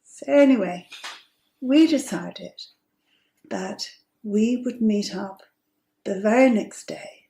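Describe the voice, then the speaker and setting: Slow-spoken woman telling a story. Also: medium pitch, animated, dark tone, reverberant. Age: 50s. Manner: chatty and amused, with breathy asides. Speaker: host. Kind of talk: personal storytelling.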